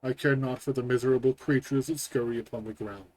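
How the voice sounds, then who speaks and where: A man's voice: mid-range voice, steady tone, fast, darkish tone, close to an everyday voice, rough recording. A man reading the lines of a boastful, aloof nobleman who hunts dragons, in a pompous and dismissive manner from a game. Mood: haughty.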